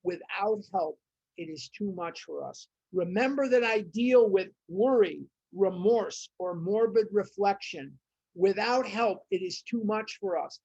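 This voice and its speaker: A woman's voice: medium pitch, a little mellow, no room sound. A woman leading a recovery study group, reading passages aloud and commenting on them with emphatic, repeated phrases. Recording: dull, muffled audio.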